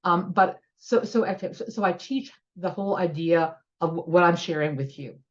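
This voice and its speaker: A woman's voice: fairly low pitch, moderate pace, lo-fi sound. A woman educational consultant eagerly explaining her methods on a video-call panel.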